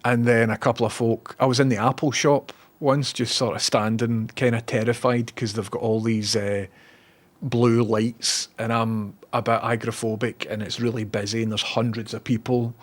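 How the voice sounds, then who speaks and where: A man with a Scottish accent streaming online, chatting casually, reading viewer comments and telling animated anecdotes. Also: mid-range voice, normal speed. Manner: animated storyteller acting out others' lines. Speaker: Twitch streamer.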